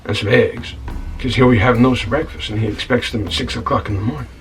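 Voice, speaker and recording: An actor playing a self-righteous scoundrel tavern keeper in a comedy web series, telling an indignant, stammering monologue and calling the listener son. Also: male voice, mid-range voice, fast, a bit bright, distant mic, slight background noise, close to an everyday voice, low-quality recording. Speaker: title character of a comedy-drama web series. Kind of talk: comic monologue. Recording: voice a bit off-mic, with music behind.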